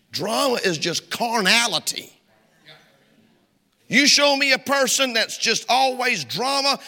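Gravelly preacher in a reverberant hall. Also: male voice, sits high. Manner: folksy, emphatic, swings between shouting and hushed. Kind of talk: sermon. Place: church sanctuary.

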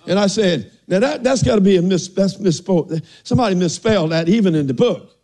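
A man's voice: sits high, animated, brisk, mellow. An older man preaching a folksy sermon, often asking "are y'all listening" and saying amen.

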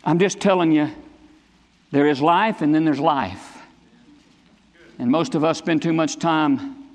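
A man's voice: on the high side, measured pace, pauses often, a little mellow. A man preaching a Sunday sermon as pastor, emphatic and repetitive, putting direct questions to his congregation. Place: church sanctuary. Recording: long reverb of a large hall.

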